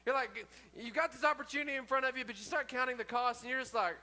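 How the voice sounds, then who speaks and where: A man's voice: very high-pitched, fast talker, pushed and bright. A man pastor preaching a sermon in an earnest way, often repeating himself and restarting his sentences.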